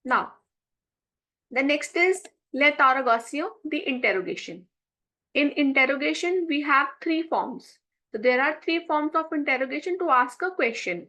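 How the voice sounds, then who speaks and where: A woman's voice: high voice, bright, forceful tone, low-quality recording. A woman with an Indian English accent teaching a French lesson online, reading each French sentence and then explaining it step by step. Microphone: screen-share recording.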